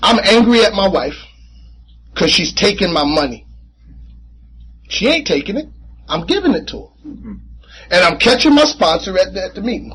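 Animated high-voiced man telling his story. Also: moderate pace, pauses often, slight background noise, poor audio. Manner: animated, conversational, repeats himself, casual slang. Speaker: recovery meeting speaker. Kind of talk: personal testimony storytelling. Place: meeting room.

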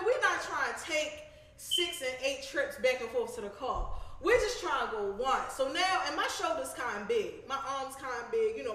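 Blunt high-voiced woman in an echoey room. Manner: blunt, animated, profane. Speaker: show host. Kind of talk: casual storytelling chat.

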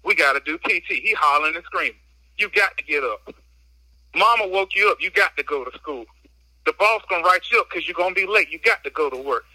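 A man's voice: sits high, expressive, fast, bright, forceful tone, dry recording, poor audio. A man guest on a casual podcast, talking through a phone while out on a walk, slightly out of breath, emphatic and slangy as he vents. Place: outdoors on a walk.

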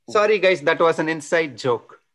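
A man from India with an Indian accent, performing a stand-up comedy set of deadpan one-liners at an open mic. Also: on the high side.

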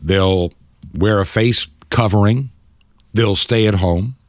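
A man's voice: on the low side, slow pace, no room sound, clean studio sound. An older man from the United States hosting Christian talk radio, with impassioned, preachy commentary. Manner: impassioned, preachy, mocks opponents in quoted voices. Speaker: radio talk show host.

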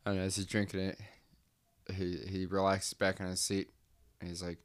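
A man's voice: deep voice, monotone, normal speed, clear, resonant tone, dry recording. A man telling an improvised comic story in a casual, rambling way.

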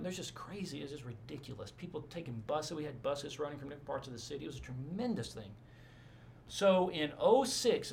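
A man with a somewhat higher pitch and a gravelly, creaky edge tells stories in a loose, rambling way, full of asides and quoted dialogue. He is a pastor chatting casually in an interview. Faint ambience sits behind him. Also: slight background noise. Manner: rambling, animated storyteller with asides.

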